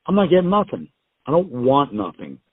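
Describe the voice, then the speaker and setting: A man's voice: a little high, sing-song, a little fast, husky, no room sound. A middle-aged man, a guest on an interview show, telling stories in a casual, rambling way with emphatic swearing. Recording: dry, tinny phone line.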